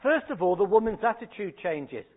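A man's voice: sits high, sing-song, moderate pace. A man in his thirties preaching a sermon in a conversational, anecdotal way. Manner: anecdotal and conversational, with acted quotes. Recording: phone-like narrow band.

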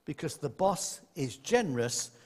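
Lively male preacher in an echoey hall. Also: fairly high pitch, measured pace. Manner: lively and conversational, with playful asides. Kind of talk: sermon.

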